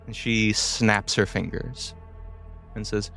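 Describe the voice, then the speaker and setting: A man narrating as game master of a tabletop game, with slow, dramatic storytelling. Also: on the low side, fairly bright tone, faint music behind.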